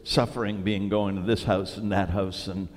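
A middle-aged man preaching a sermon, telling stories in an animated, self-deprecating way. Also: low voice, normal speed, in a large hall. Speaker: pastor.

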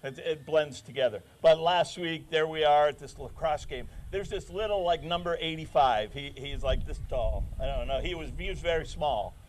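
A man preaching a sermon in a casual, animated way, joking and acting out quotes with sudden loud shouts. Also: fairly high pitch, moderate pace, few pauses, a little hiss or hum. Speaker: pastor.

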